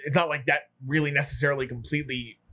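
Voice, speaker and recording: Thoughtful guy on a movie podcast, higher voice, asks the group questions. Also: steady tone, fast, bright, forceful tone. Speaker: podcast co-host. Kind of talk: casual film review discussion.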